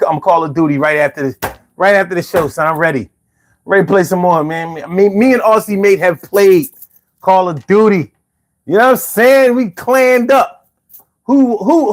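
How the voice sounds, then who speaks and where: A man hosting a casual livestream and chatting with viewers, with slangy, profane, rambling speech full of repeats. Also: high-pitched. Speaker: livestream host reading chat. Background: his own bongos and faint music.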